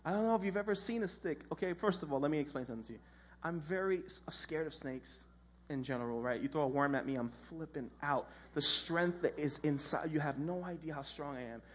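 Lively husky-voiced man preaching casually. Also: a little high, a little fast. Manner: animated storytelling with slang and acted-out voices. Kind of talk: casual, humorous sermon.

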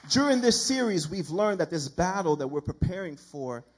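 Male preacher, husky and fairly high voice, telling a story from the pulpit in a loose, chatty, animated way. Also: normal speed. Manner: conversational, animated, acts out quoted dialogue. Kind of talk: storytelling sermon.

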